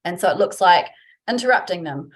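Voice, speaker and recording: A woman's voice: fairly low pitch, lively intonation, brisk. A woman giving a webinar talk as a workplace trainer, chatty and informal, acting out example phrases. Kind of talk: webinar presentation.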